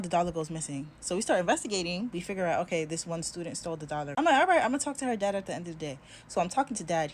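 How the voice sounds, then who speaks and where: A woman teacher talking casually to camera, telling an animated story and acting out the people in it. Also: on the low side, slight background noise. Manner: animated, acts out the people in her stories.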